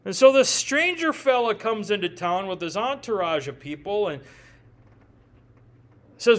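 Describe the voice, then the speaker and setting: Preaching with a Midwestern accent, a man delivers a sermon in a high-sitting, slightly bright voice with lively intonation at normal speed. He keeps it conversational, repeating words while thinking aloud and slipping in jokes.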